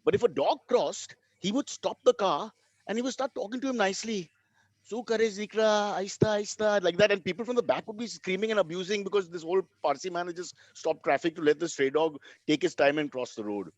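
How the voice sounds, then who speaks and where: A man's voice: high voice, quick pace, no room sound, low-quality recording. A middle-aged man with an Indian English accent, telling wry comic stories as co-host of a comedy show. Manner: wry, deadpan jokes. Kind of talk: comic storytelling.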